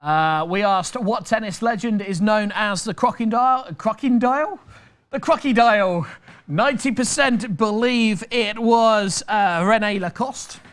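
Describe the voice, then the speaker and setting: A man's voice: high voice, measured pace, a bit bright. A British man hosting a live online quiz, reading out questions and answer options with chatty, jokey patter. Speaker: quiz master.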